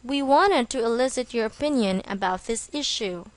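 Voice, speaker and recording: A woman reading a scripted English vocabulary lesson, slow and deliberate, spelling words out letter by letter. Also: a little high, lively intonation. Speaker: English teacher.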